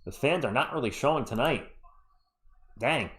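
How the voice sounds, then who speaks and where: A man's voice: medium pitch, animated, moderate pace, fairly bright tone. A man hosting a fan live stream of a basketball game, calling the plays while chatting with viewers in the chat, sounding a little congested. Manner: chatty, reads live chat between calls. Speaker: live stream play-by-play host. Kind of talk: fan play-by-play commentary with chat.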